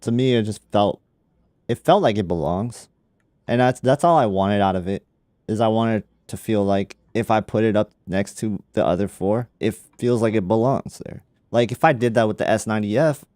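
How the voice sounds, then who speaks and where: A man's voice: fairly low pitch, moderate pace, a little mellow, no room sound, clean studio sound. A man hosting a casual tech livestream, laid-back and laughing often, with lots of "like" in his talk. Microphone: studio microphone.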